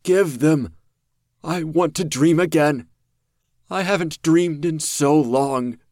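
A man's voice: on the high side, slow, darkish tone, no room sound, studio quality, pitched above the performer's own voice. A man voicing a desperate begging monster. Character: pleading crawling monster, hungry for memories.

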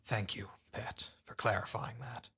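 A man's voice: on the low side, steady tone, a little slow, vocal fry, sharp tone, breathy edge, heavily acted. Cold, curt crime boss, as a man reads him. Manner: curt, commanding. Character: cold calculating male crime boss, adult.

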